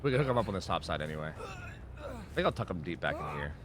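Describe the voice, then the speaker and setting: Lively young man streaming a game. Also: a bass voice, quick pace. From Pennsylvania, United States. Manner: rambling, filler-heavy, swears freely. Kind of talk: casual gameplay commentary.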